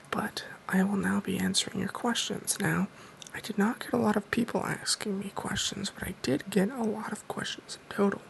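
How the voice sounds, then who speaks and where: A man telling a mock-serious story in a soft-spoken, deadpan ASMR style. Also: high-pitched, gravelly, rough recording. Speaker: ASMR creator.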